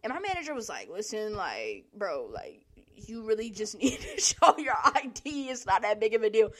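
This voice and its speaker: A woman's voice: mid-range voice, big pitch swings, normal speed, a bit bright. A young woman, telling a work story in a casual, profane monologue, laughing often and acting out the people she quotes.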